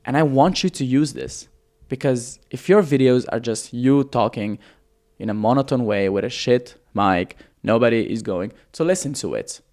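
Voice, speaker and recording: A man teaching copywriting on camera in a casual, energetic way, swearing freely and shifting his pace and loudness for emphasis. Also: medium pitch, normal speed. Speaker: copywriting coach.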